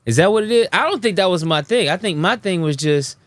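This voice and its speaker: A man hosts a loose, joking conversation. He is animated and laughs a lot, and his voice leaps high when he acts out what someone said. The sound is close and dry, with a slightly raised pitch. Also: fast talker, no room sound. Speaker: host. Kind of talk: casual chat.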